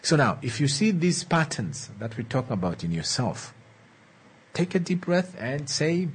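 Slightly high and sing-song with a husky quality, this relationship speaker's voice carries an earnest motivational message. He repeats key phrases, checks in with listeners, and coaxes them along in a slow, emphatic manner.

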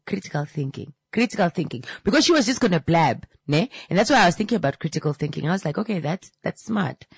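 A woman in her thirties teaching a casual lesson, telling a lively anecdote with acted-out voices and slangy asides. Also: deep voice, husky, no room sound. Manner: animated storyteller, acts out voices, slangy asides.

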